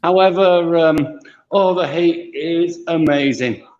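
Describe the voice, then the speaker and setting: A man's voice: on the high side, slow, darkish tone, muffled recording. A man teasing a friend over a video call from an outdoor garden in the heat, blunt and full of banter. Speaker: guest calling in. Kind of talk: casual chat on a video call. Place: outdoor garden in a hot climate.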